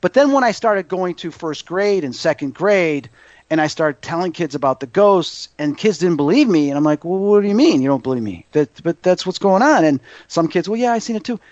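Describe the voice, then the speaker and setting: Brief: man in his fifties, higher voice, lively storyteller, dry muffled sound. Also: a little fast, no echo. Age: 50s. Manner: animated, acts out quoted voices. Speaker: psychic medium guest. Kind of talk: casual storytelling interview. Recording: dull muffled audio.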